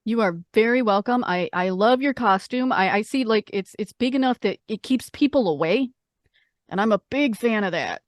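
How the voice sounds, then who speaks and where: A woman's voice: medium pitch, lively intonation, moderate pace, no echo, clean studio sound. A woman playing a tabletop game in character, hesitant and stammering. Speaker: player.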